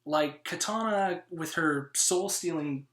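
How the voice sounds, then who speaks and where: Man, co-host, high voice, rambling casual chat, laughs often, echoey room. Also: takes it slowly, a bit bright. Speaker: co-host of a movie review show.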